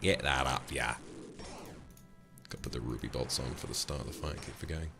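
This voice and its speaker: A man's voice: rumbling low, fairly quick, creaky, heavy background noise, pitched below the performer's own voice. A man doing a brash, crude Australian drinker. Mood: boisterous. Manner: loud, swaggering, profane.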